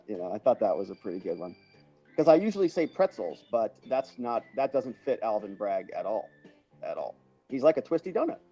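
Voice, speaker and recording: The audio is lo-fi as a man with a medium-pitched voice runs a casual livestream. He's chatty, chuckling while he names viewers to thank them and responds to what they comment.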